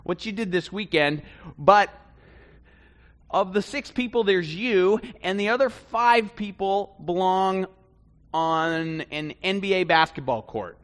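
A man preaching a conversational sermon, swinging between loud bursts and hushed asides. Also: high-pitched, slow pace. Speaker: pastor.

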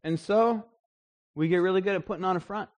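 A man preaching a sermon in an animated way, acting out the voices he quotes. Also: sits high, brisk, highs cut off. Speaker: pastor.

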